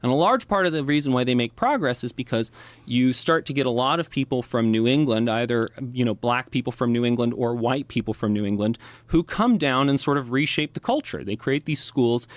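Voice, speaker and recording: A man's voice: mid-range voice, no echo. A man explaining at length as a podcast guest, lecturing with many "right?" and "you know" asides.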